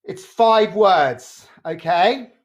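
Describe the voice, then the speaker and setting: Over a video call with lo-fi sound, a community drama workshop leader runs a game of charades. Her mid-range voice is animated, and after each clue she pauses to check in with "okay?"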